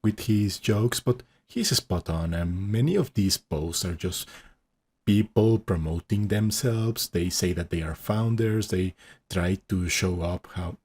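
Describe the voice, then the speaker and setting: A man with a very low, husky voice talks through a reaction video. He speaks casually and hesitantly, restarting his sentences and laughing often. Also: unhurried, a little mellow.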